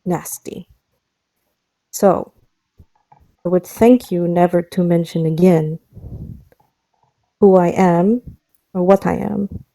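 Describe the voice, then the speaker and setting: A woman voicing a tense, secretive woman with stone eyes, speaking slowly in a mixed put-on foreign accent. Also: on the low side, dark tone.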